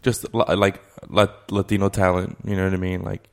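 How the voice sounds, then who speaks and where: Young male co-host, low gravelly voice, relaxed profane banter. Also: normal speed. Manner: loose, profane, filler-heavy talk with lots of "like". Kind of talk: casual chat.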